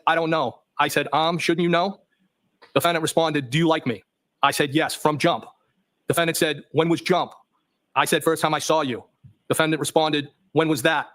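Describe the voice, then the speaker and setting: Testifying in a courtroom, a man reads a chain of text messages aloud, plainly stating each question mark as he reaches it. His voice is a bit high for a man and fairly bright.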